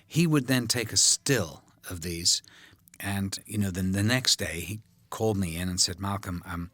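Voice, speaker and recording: Older man telling lively film anecdotes. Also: sits low, normal speed, no room sound. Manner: anecdotal, animated storytelling with voiced quotes. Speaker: actor discussing his film. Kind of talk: commentary track chat.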